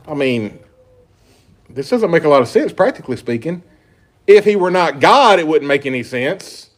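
A pastor preaching an earnest sermon, reading scripture aloud with emphatic stresses. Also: male voice, a little high, animated, moderate pace.

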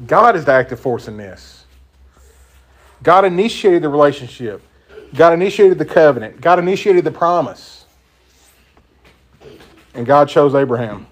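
Leading an informal Bible study, a Southern American man speaks at a moderate pace with lively intonation, pausing often, his voice a little high. The Bible teacher keeps it conversational and emphatic, explaining points and asking the group questions.

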